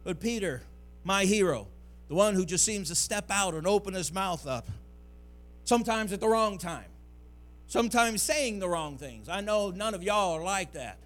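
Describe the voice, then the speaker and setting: Man preaching, high voice, rising to sung peaks. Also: animated, moderate pace, a bit bright. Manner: preachy, builds to near-singing climaxes. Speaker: pastor. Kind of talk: sermon.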